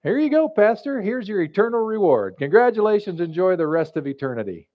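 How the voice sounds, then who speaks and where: A preacher putting on a genial Saint Peter, the gatekeeper of heaven, welcoming new arrivals with breezy ease. The voice sits a little high, and the sound is slightly muffled. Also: male voice, very animated, fairly quick. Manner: breezy, offhand storytelling voice. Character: cheerful male Saint Peter greeting souls at heaven's gate.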